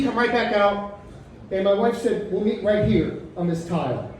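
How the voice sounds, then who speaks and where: A middle-aged man from Chicago doing a profane stand-up set in a comedy club, loose and rambling, jumping into shrill outbursts. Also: background noise. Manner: loose, profane storytelling with sudden high-pitched outbursts. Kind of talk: stand-up set with crowd work. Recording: echoey club heard from far off. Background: audience laughter.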